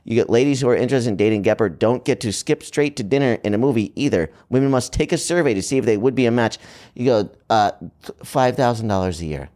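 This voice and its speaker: A man's voice: medium pitch, quick pace, a little mellow. A man co-hosting a casual chat who reads internet stories aloud and adds mocking comments. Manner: reads news items aloud with mocking asides.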